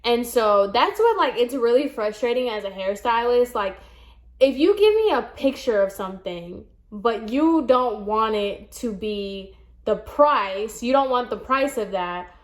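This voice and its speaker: A woman's voice: on the high side, lively intonation, unhurried. A young woman in her twenties, a hairstylist, chatting casually and animatedly as she retells a client story with quoted dialogue.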